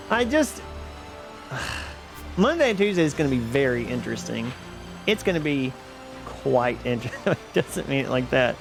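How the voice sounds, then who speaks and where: A man's voice: fairly high pitch, animated, measured pace, long pauses. A man live-streaming a game, chatting casually with viewers in a rambling, self-deprecating way and laughing often. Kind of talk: casual live-stream chat while gaming. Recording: background music under the voice. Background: music playing.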